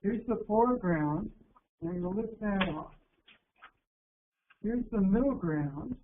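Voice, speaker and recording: A man from the United States giving an instructional workshop talk to teachers, calm and deliberate, slowing down to stress key words. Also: high-pitched. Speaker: teacher educator presenting a workshop. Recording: narrow phone-like sound with faint hiss.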